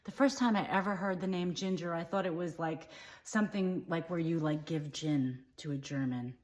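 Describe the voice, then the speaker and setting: A woman playing a naive, opinionated young woman in a comedic monologue, rambling chattily in a deadpan way. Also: fairly low pitch, moderate pace, lightly acted. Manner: free-associating, chatty, deadpan.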